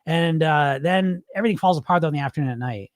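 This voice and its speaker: A middle-aged man hosting a casual podcast, reading listener comments and answering them in a blunt, animated way, now and then swearing and acting out the voices in people's heads. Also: fairly high pitch, quick pace, dry recording. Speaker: podcast host and weight-loss coach.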